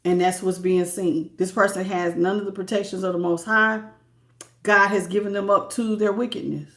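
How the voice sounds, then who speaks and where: A woman giving a live tarot reading, animated and preachy, often repeating herself and laughing between greetings. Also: mid-range voice, normal speed. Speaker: tarot reader.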